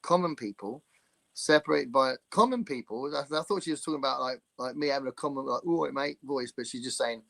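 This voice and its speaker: A man's voice: mid-range voice, brisk, gravelly, bright, forceful tone. A man co-hosting a casual livestream chat, joking and reading viewer comments aloud. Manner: jokey, reads viewer comments aloud, playful mimicry. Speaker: podcast co-host.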